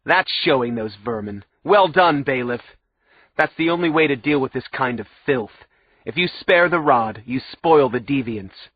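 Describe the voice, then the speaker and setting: A man doing a sanctimonious, tyrannical old judge for an audiobook, who roars his verdicts with self-righteous contempt. The voice sits at a middling pitch with a husky edge, and the sound is dry and a little muffled. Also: animated, unhurried, dry recording. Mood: gloating. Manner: bellowing, sanctimonious, condemning. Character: fanatical pompous older male judge. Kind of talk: audiobook character voice.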